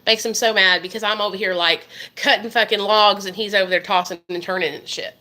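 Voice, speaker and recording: A woman's voice: mid-range voice, steady tone, brisk, bright, forceful tone. A woman, telling a story to her viewers in a profane, emphatic way. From Arkansas, USA. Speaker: vlogger. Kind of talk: casual storytime monologue.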